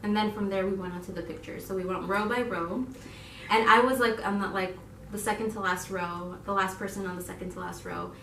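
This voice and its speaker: A woman's voice: medium pitch, brisk, background noise. Giggly young woman telling a story in a roomy space. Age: young adult. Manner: animated, giggly, quotes herself in excited voices. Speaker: YouTube channel co-host. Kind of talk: casual storytelling to viewers. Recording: roomy echo, voice from a distance.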